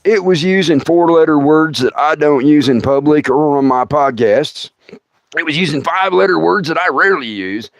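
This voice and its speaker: A middle-aged man, a comedian and podcast host, telling a funny story to his audience on a livestream. He is animated and laughs through his own story. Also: on the high side, moderate pace, dry recording. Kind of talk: comic storytelling.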